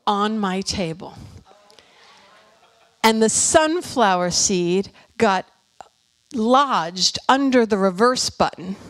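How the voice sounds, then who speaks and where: Chatty, animated middle-aged woman preacher. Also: fairly high pitch. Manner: animated, chatty, with many fillers and restarts. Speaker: minister. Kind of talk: storytelling sermon.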